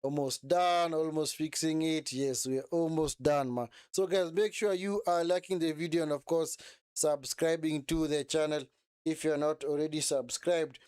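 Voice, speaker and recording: Young male streamer, slightly high, smooth clear voice, dry close sound, rambling and self-correcting. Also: fairly even intonation, normal speed, a little mellow, no echo. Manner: chatty, repetitive, self-correcting. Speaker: live stream host. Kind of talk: casual live watch-along commentary.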